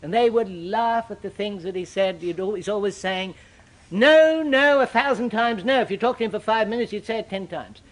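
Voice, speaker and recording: An older man preaching a sermon, with dramatic, sweeping shifts in pitch and loudness. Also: brisk, hardly any pauses.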